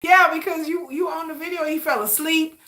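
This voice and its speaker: A woman chatting casually with her live audience about K-pop videos, animated and talkative. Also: very high voice, a little fast. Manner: chatty, animated, addresses viewers as y'all. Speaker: K-pop reaction vlogger. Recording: echoey room.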